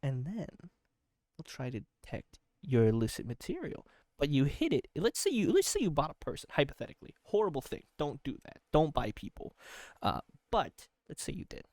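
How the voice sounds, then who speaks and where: A man's voice: on the high side, huge pitch swings, normal speed, darkish tone, dry recording. Sleepy guy rambling absurd comedy bit, voice bouncing all over, dry close mic. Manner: rambling, absurdist, repeats himself. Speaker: podcast host. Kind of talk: comedic monologue.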